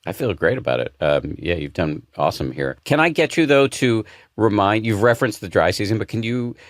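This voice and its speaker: A man hosting a podcast interview, talking in a relaxed, plainspoken and frank way. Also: on the low side, brisk, no room sound, clean studio sound. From Boston area, USA. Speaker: podcast host.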